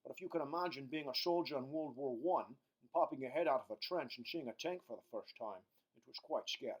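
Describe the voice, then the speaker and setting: A man doing an impression of a famous Scottish actor, a gruff older man, in a low, rolling voice during a history lesson. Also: fast, lightly acted, rough recording. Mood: wry.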